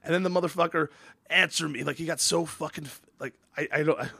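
Fast-talking, profane male podcast host. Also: fairly high pitch, steady tone, vocal fry, pushed and bright, breathy edge, dry recording. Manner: rambling, profane, stammering restarts. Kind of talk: casual podcast chat.

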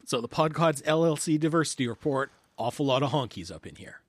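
A man's voice: mid-range voice, animated, quick pace, slightly rough, dry recording. Podcast guy with a dry sardonic wit, dead dry sound, no room at all. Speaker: podcast co-host. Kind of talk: casual chat.

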